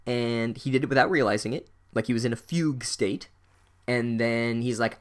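A man riffs through a comedic recap in a sarcastic, profane voice of middle pitch. He drops into deadpan asides, then jumps to loud, incredulous outbursts. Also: normal speed. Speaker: podcast host recapping a book.

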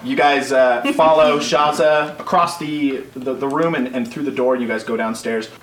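A man's voice: mid-range voice, steady tone, normal speed, fairly bright tone. A man narrating as game master in a casual, rambling way, full of fillers and restarts. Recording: roomy, distant mic with faint noise.

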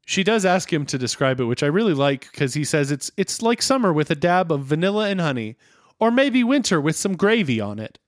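A man's voice: on the high side, very animated, a little fast, dry recording, clean studio sound. An American man co-hosting a podcast, chatting playfully and laughing easily through an episode recap. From United States. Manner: playful, giggly, jumps into silly voices. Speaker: podcast co-host. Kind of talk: casual recap chat.

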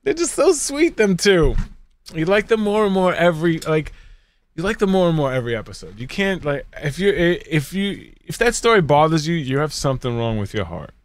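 Over a video call, a man hosts a podcast, chatting casually and joking around in a lively, animated manner. His voice is on the high side and a little fast, with no echo.

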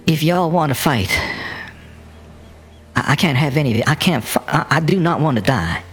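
A man's voice: on the high side, animated, moderate pace, breathy edge, pitched above the performer's own voice. Man playing a panicky ship captain. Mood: scared. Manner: stammering, pleading. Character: frightened male ship captain, nervous, pleading.

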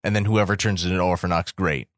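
A man co-hosting a podcast, talking casually in an animated, emphatic way and swearing freely. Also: deep voice, quick pace, dry recording, studio quality. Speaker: podcast co-host.

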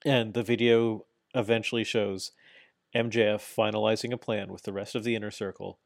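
A man's voice: on the low side, level tone, a little fast, vocal fry, no echo, clean studio sound. A man in casual podcast chat, animatedly retelling events, acting out quotes, swearing now and then. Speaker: podcast co-host. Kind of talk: casual chat recapping wrestling.

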